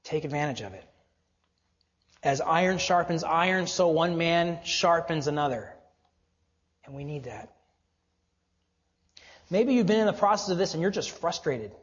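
Earnest pastor preaching to men. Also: male voice, lively intonation, moderate pace, pauses often, long reverb tail, highs cut off. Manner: earnest, exhorting, drops low and quiet for emphasis. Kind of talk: sermon.

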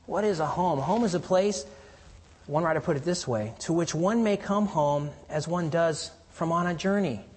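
A man preaching a sermon in an earnest way, swinging between loud emphasis and hushed, quiet lows. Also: moderate pace, slightly rough. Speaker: pastor. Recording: reverberant hall.

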